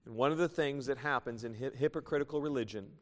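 Male preacher, mid-pitched, folksy sermon delivery with a long hall echo. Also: quick pace. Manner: folksy, reads scripture aloud and tells jokes.

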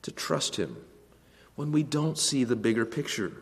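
A man preaching a sermon, earnest, slowing down and rising in pitch to stress key phrases. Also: darkish tone, long reverb tail. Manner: earnest preaching, slows and rises for emphasis. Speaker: pastor.

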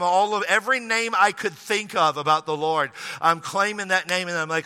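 A man's voice: high-pitched, brisk, few pauses, pushed and bright, clean tone, long reverb tail. A middle-aged man preaching a sermon, telling a story with humor and acting out prayers. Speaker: pastor.

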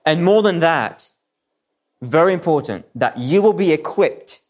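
A man's voice: a little high, expressive, unhurried. A man preaching a sermon, earnest and repeating key phrases for emphasis, sometimes restarting his words. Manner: restarts and stumbles on some words.

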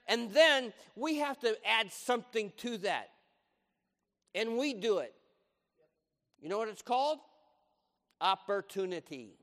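An older man preaches with emphasis, driving his points home by repeating them. His voice sits high for a man. A long reverb trails each phrase. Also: fairly bright tone. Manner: emphatic, repeats key lines, acts out quoted voices. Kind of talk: sermon.

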